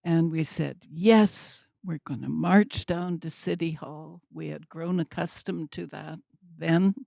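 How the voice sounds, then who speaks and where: Slow, gravelly older woman telling a story. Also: low voice, fairly even intonation, dark tone, no echo. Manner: wry, deliberate storytelling with dry humor. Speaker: speaker at a community talk. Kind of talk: storytelling talk.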